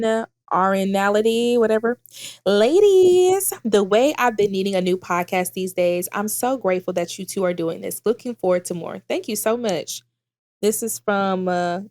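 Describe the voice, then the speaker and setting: A woman's voice: mid-range voice, darkish tone. A young adult woman co-hosting a podcast in casual chat, reading listener comments aloud and laughing often. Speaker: podcast co-host.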